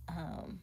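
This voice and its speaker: A woman's voice: darkish tone, a little hiss or hum. A woman hosting a livestream, chatting casually with viewers and reading their comments aloud, often laughing and dropping to near-whispers. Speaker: livestream host.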